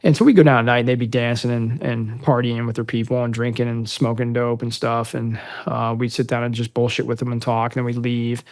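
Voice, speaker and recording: A man in his fifties from the United States, a veteran guest on a long-form interview, telling a story in a casual, animated and profane way and loudly acting out the dialogue. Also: medium pitch, fairly quick, hardly any pauses. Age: 50s. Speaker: podcast guest, military veteran.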